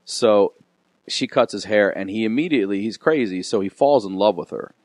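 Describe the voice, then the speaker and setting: A man's voice: lowish voice, normal speed, darkish tone, no echo. A man from Baltimore, a guest comedian, telling a rambling story in casual chat, restarting sentences and chuckling as he goes.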